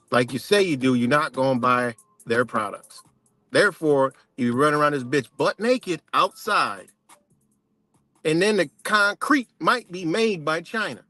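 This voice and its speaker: A man's voice: on the high side, sharp tone, no room sound. A man hosting a livestream, ranting casually in a profane, rambling way with many restarts. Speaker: livestream host.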